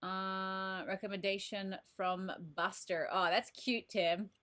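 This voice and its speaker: A woman's voice: medium pitch, fairly even intonation, slow pace, fairly bright tone. A woman in her thirties hosting a casual live stream as a card reader, bubbly and chatty, greeting viewers by name from her home desk. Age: 30s. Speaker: livestream host and oracle card reader.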